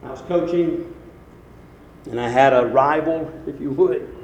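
A man preaching a sermon in a folksy way, rising to emphatic peaks and then dropping quiet. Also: on the high side, measured pace. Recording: very echoey hall with faint noise.

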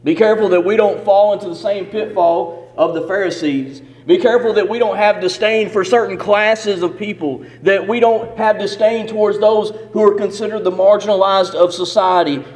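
A man preaches with a rhythmic, emphatic cadence, his voice sitting high for a man. The sound carries a long reverb from a church hall. He builds his points through repeated phrases. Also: normal speed, hardly any pauses, darkish tone. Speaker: pastor. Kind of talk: sermon.

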